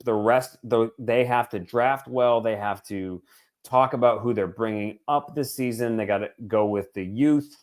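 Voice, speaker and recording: Animated man in his forties ranting casually. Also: mid-range voice, a little slow. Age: 40s. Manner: animated, swearing, joking asides. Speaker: podcast co-host. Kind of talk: casual sports chat.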